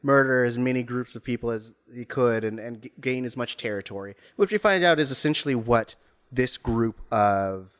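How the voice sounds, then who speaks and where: American dude on a podcast, goofy and rambling, keeps doing silly voices. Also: male voice, medium pitch, normal speed, fairly bright tone, clear, resonant tone. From United States. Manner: jokey, rambling, drops into silly put-on voices. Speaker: podcast co-host. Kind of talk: casual chat.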